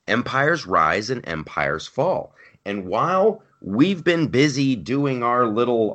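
A man's voice: medium pitch, sing-song, a little slow, fairly bright tone. Rambling, emphatic male podcast host. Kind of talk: casual political chat.

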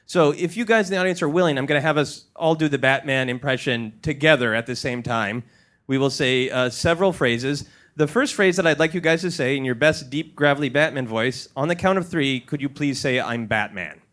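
A man's voice: on the high side, a little fast, a bit bright. A man hosting a live comedy podcast on stage, playfully joking and laughing with the audience. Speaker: live comedy show host.

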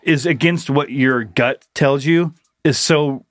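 A man's voice: medium pitch, slow, dry recording. A man co-hosting a comedy podcast who reflects thoughtfully and feeds his partner questions in casual chat. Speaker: podcast co-host.

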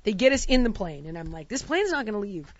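A woman's voice: mid-range voice, big pitch swings, fast talker, no room sound, lo-fi sound. A woman in casual chat, telling a long travel story and acting out the quotes with exasperated outbursts. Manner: acts out quotes, shouting in exasperation.

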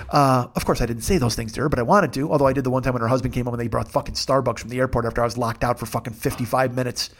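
A man's voice: medium pitch, fairly even intonation, rapid-fire, hardly any pauses. A middle-aged man hosting a comedy podcast, ranting through a long profane story with self-mocking asides.

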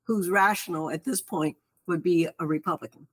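A woman's voice: fairly low pitch, normal speed, breathy edge, no echo. A woman political strategist speaking as a guest on a talk radio show, frank and matter-of-fact.

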